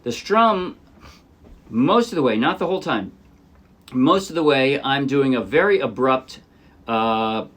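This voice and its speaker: A man teaching a ukulele song step by step in a relaxed, thinking-aloud way, with fillers and small self-corrections. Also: medium pitch, measured pace, long pauses. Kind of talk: casual step-by-step music lesson. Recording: ukulele playing under the voice.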